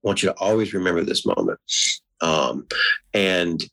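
A middle-aged man talking in a casual conversation, sincere and halting, restarting his sentences often. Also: deep voice, big pitch swings, vocal fry, a bit bright, low-quality recording.

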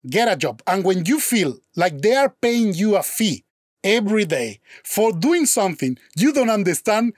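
Brief: male teacher, higher voice, dry close sound, animated storyteller. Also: moderate pace, no echo. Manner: animated storyteller, acts out quoted dialogue, frequent restarts; non-native English with slips. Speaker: language teacher. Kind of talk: casual conversation.

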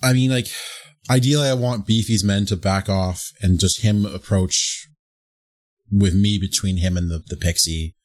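A man's voice: deep voice, fairly even intonation, normal speed, a little mellow. A man playing in a tabletop game, rambling and hesitant. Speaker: player. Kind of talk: casual tabletop game chat.

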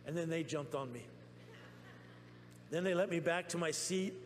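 A man preaching a testimony sermon in a church, telling his story excitedly with many restarts. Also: fairly high pitch, normal speed. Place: church sanctuary. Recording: long reverb in a church with faint hum.

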